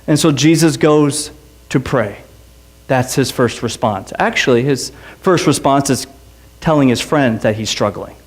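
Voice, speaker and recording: A man preaching a sermon as pastor, swinging between impassioned, rising appeals and quick, conversational storytelling. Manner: impassioned preaching, voice climbing high on repeated lines.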